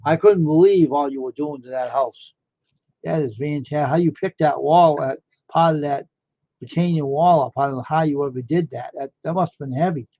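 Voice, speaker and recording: A man's voice: fairly high pitch, normal speed, dark tone, no room sound. A man chatting casually on a live stream, rambling and amazed, firing off one question after another. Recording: dull lo-fi dry sound.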